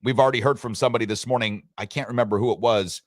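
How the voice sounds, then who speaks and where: A man's voice: mid-range voice, steady tone, very fast, no room sound, clean studio sound. A man hosting a sports radio show in casual, joking chat, rambling and reading listener messages.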